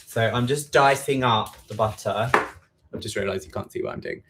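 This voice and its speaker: A man's voice: lowish voice, moderate pace, very noisy. Chatty East London man baking at home. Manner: chatty, self-deprecating, repeats quantities aloud. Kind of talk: casual live baking chat. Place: home kitchen.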